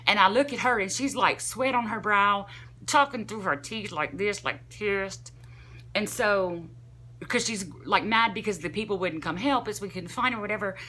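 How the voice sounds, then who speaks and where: A young woman vlogger telling a casual, rambling story, animated and full of "like" fillers. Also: mid-range voice, normal speed.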